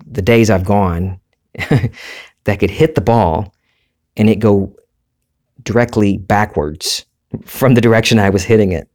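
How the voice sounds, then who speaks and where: A man from the Deep South with a Southern US accent, hosting a reflective monologue in a thoughtful, storytelling way. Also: darkish tone. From Deep South, USA.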